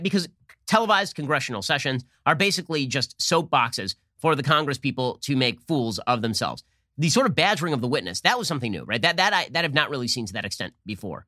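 A man hosting a political commentary show, talking fast with sarcasm and mocking impressions of the people he discusses. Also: a little high, pushed and bright, no room sound, studio quality. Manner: sarcastic, rapid-fire, mock voices for others. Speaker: host.

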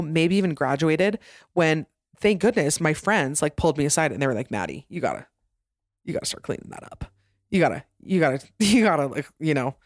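A woman's voice: low voice, no room sound, studio quality. A woman in her thirties with a Utah accent, hosting a solo podcast in a chatty, giggly, self-deprecating way. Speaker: podcast host. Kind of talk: casual solo podcast chat.

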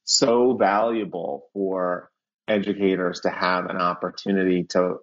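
Brief: male educator guest, lowish voice, reflective, dull lo-fi sound. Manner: thoughtful, laughs easily. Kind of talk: casual interview chat.

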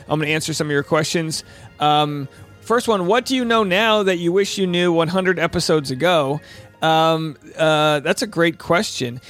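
A man's voice: on the high side, fairly bright tone, no echo. A man hosting a casual podcast, chatty and joking with many fillers. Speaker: podcast host. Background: faint Celtic music.

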